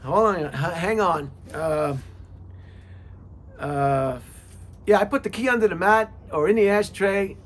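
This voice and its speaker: A man's voice: high voice, unhurried, pauses often. A man giving car service tips in a casual monologue, reading questions off a list and rambling with jokes and asides. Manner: rambling, repeats words, many fillers.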